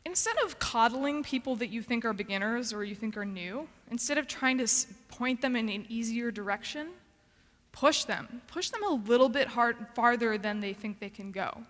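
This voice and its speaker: A woman's voice: fairly high pitch, normal speed, a bit bright, long reverb tail. A woman giving a practical, earnest conference talk with frequent ums and restarts. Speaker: conference speaker.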